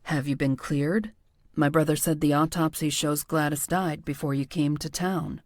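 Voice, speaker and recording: A woman narrator voicing a shy, gentle man with a soft, hesitant way of talking, in a lowered voice. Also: fairly even intonation, moderate pace, no echo, clean studio sound. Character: shy, gentle young man, kind dog owner.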